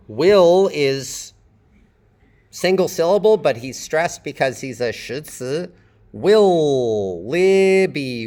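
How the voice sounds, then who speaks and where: Slow-talking man teaching English phonetics. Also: medium pitch. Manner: explains slowly, drawing out sample words. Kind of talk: classroom lecture.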